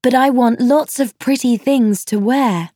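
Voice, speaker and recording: A slightly vain older teenage sister from a storybook, given voice by a woman reader, wistful and a little proud. She speaks slowly and clearly in a dry, close recording. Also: fairly high pitch, warm tone, no echo, voice pushed up. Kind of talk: storybook reading.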